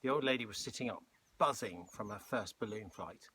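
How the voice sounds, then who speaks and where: A man reading a children's novel aloud, relaxed, with chatty asides between passages. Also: on the low side, brisk, a little hiss or hum. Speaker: storybook reader.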